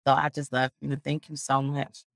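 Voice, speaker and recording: Casting: woman podcast host, warm-hearted churchy chatter with frequent laughs, dry close sound. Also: very deep voice, little pitch movement, normal speed, creaky, no room sound. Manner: affectionate, churchy, laughs often. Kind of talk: casual livestream outro chat.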